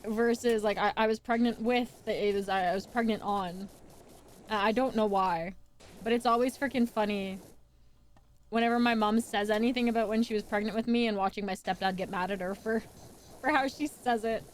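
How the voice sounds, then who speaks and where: A woman's voice: medium pitch, fairly even intonation, moderate pace, a little hiss or hum. A woman from Newfoundland streaming live, rambling casually with lots of restarts and casual swearing.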